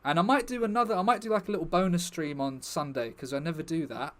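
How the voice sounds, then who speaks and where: A man's voice: a little high, fast, fairly bright tone. A young man chatting casually to his stream viewers, rambling and joking with the chat.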